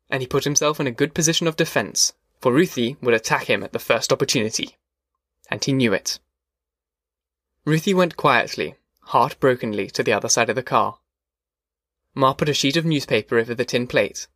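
A man reading a novel aloud as an audiobook narrator, measured and steady. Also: mid-range voice, dry recording, studio quality.

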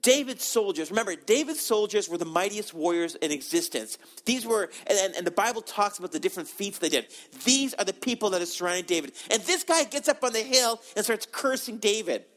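A man preaching a sermon, animated and conversational, acting out the people in the story and often repeating words as he goes. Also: high voice, brisk, hardly any pauses. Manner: animated, acts out quoted voices, repeats words.

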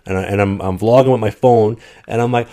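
A man with a fairly low voice tells a long story in relaxed, conversational talk. He is animated and lively, and he slips into other people's voices as he quotes them. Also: a little fast. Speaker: guest telling a travel story. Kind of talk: casual storytelling.

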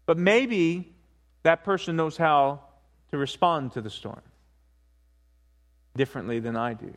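Male pastor, sermon, hushed-to-emphatic swings, repeats lines, slightly high pitch. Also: measured pace. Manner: swings from hushed to rising emphatic preaching, repeats key points.

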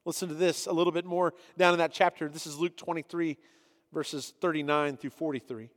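A man's voice: a little high, steady tone, fairly quick, big-room sound. A man preaching a sermon as pastor, reading scripture passages aloud and then explaining them earnestly.

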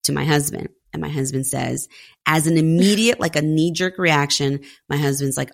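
Low gravelly woman telling stories. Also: fairly even intonation, moderate pace. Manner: candid storytelling with many fillers. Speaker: podcast guest. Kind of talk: casual conversation.

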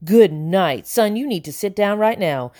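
A woman's voice: mid-range voice, animated, a little slow, dark tone, lightly acted. A woman reading the part of a frightened, wheezing middle-aged man who babbles apologies. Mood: frantic.

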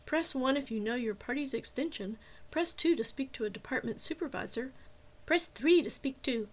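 An automated phone menu recording, read by a woman, recited mechanically and sounding a little distant. Her voice sits fairly high. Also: animated, moderate pace.

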